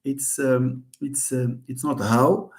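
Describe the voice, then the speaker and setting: A Moroccan-accented male lecturer leads a live online phonetics lesson, switching languages and sounding out examples. His voice sits at a middling pitch, with a roomy echo around it. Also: fairly even intonation, takes it slowly. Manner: switches between English and Moroccan Arabic, jokes with students, demonstrates sounds. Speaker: university lecturer.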